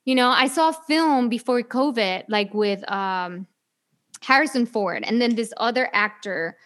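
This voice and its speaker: A woman from Mexico, an actress, chatting casually from a home studio, animated and full of filler words. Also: fairly high pitch, unhurried. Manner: animated, lots of "like", acts out quotes. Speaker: actress, podcast guest. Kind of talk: casual chat. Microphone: home studio mic, video call.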